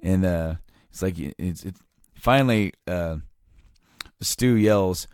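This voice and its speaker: A man's voice: low voice, slow, pauses often, clean tone, no room sound, studio quality. A man co-hosting a podcast, telling a long funny story in casual chat, acting out the quotes and using lots of fillers. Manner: animated storyteller, acts out quotes with many fillers. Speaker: podcast co-host.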